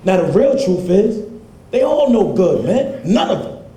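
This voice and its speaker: A man's voice: sits high, big pitch swings, unhurried, dark tone. An actor playing a cocky young man who defiantly justifies abusing his girlfriend. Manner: defiant, dismissive, pleading. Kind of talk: independent film drama acting. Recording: roomy indoor echo.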